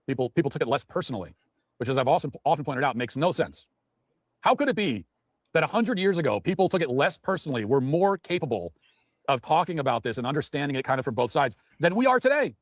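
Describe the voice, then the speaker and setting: Male pundit, rapid indignant rant, dead-dry studio mic. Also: on the high side, sing-song, no echo. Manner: indignant, mocking, ranting. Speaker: political commentator. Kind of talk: heated political commentary.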